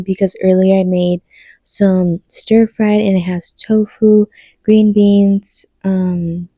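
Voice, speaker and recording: A woman's voice: medium pitch, dark tone, no room sound. A woman chatting casually to her phone camera as a vlogger, with many "um"s and "like"s. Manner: chatty, lots of fillers like "um" and "like". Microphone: phone camera mic.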